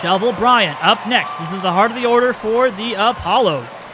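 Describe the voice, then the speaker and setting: A man giving play-by-play commentary over a baseball video game, excitable on big plays and often correcting himself. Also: sits high, normal speed, crowd noise, noisy background.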